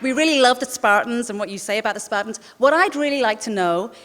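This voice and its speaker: A woman's voice: a little high, expressive, fast talker, a bit bright. A woman putting on an American accent to play an eager, clueless male journalist who stumbles over fillers. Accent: American (put on). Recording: long hall reverb.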